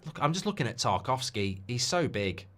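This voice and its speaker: A man hosts a live football watchalong, chatting off the cuff and taking viewer requests. His mid-range voice swings widely in pitch, has a slightly bright quality, and moves at a moderate pace.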